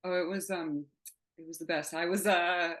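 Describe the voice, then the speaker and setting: Low-voiced candid woman playwright. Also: steady tone, moderate pace, a bit bright, low-quality recording. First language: not English. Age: 30s. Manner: candid, rambling, laughs often and swears. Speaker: playwright guest. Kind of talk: casual interview chat.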